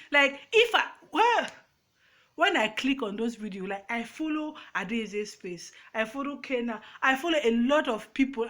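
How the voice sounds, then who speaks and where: A woman's voice: a little high, a bit bright. A woman with a Cameroonian accent, a YouTuber speaking emphatically and emotionally to her phone's front camera, with frequent restarts. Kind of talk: casual to-camera rant.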